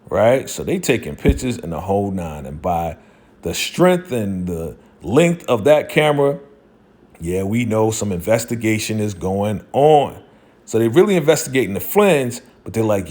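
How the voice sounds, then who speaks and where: A man casually recapping a TV episode, acting out the characters' lines in a loose, slangy way. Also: on the low side. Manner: animated retelling, acting out quotes with slang. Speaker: TV show recap host.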